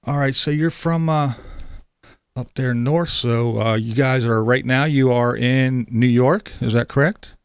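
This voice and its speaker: Host, male, gravelly and upbeat, casual chat, dry close sound. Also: mid-range voice, measured pace, dry recording. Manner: upbeat, chatty, laughs often, restarts sentences. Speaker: interview host.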